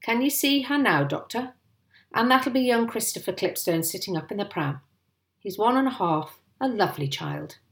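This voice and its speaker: A woman's voice: medium pitch, lively intonation, normal speed, natural voice. A woman voicing a proud, sly countryman father. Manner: proud, conspiratorial. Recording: roomy echo.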